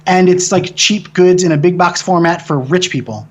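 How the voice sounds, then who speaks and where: A man from the American Midwest, a film director in an interview, telling a long story in a casual, profane, animated way with frequent restarts. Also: sits high, moderate pace.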